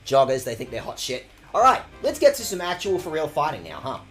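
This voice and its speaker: A man's voice: on the high side, huge pitch swings, a little fast, soft background music. A man streaming a game with sweary, jokey commentary. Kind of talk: casual gaming commentary.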